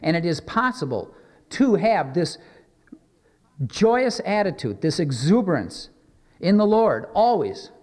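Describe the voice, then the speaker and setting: A man preaching a sermon as pastor, earnest and measured, slowing down for emphatic scripture readings. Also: high voice, sing-song, a little mellow, long reverb tail.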